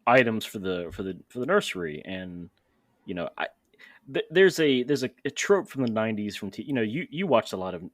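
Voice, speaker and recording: A man's voice: lowish voice, sing-song, fairly quick, no echo. A young adult man hosting a podcast, telling candid, self-deprecating stories in casual chat. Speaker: podcast host.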